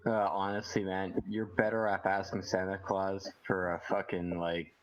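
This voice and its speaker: A man from Canada co-hosting a casual live chat, animated and laughing, with frequent swearing. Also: low-pitched, moderate pace, dull audio. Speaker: co-host.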